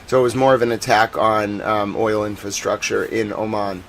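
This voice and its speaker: A man with a Boston accent hosting a casual live stream about war footage, chatting with viewers and turning soft and earnest on serious points. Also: lowish voice, steady tone, normal speed, slight background noise, poor audio. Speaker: live-stream news host.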